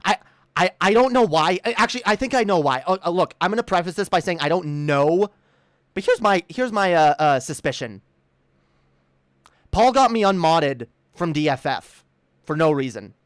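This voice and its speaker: A woman's voice: fairly low pitch, animated, moderate pace, no room sound, studio quality. A woman ranting in a commentary video, stammering and repeating words, swearing and indignant. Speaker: commentary streamer. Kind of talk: heated commentary rant.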